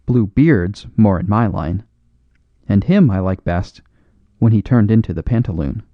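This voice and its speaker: A man's voice: on the low side, animated, measured pace, dry recording, phone-quality sound. A man voicing a boisterous, big-hearted Canadian farmer in an exuberant, hearty way for a storybook reading. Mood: enthusiastic.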